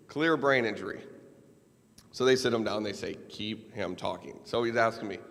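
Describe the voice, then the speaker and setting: A man's voice: fairly low pitch, moderate pace, creaky, a bit bright. A man from Minnesota giving a keynote speech, telling a personal story with wry, self-deprecating humor. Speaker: keynote speaker. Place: large event hall. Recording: long hall reverb.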